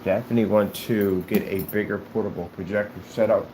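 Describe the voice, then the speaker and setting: A man's voice: lowish voice, steady tone, a little fast, mellow. A man presenting his company's products in a casual vlog, rambling with many fillers and restarts. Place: indoors at his office. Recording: noisy room recording.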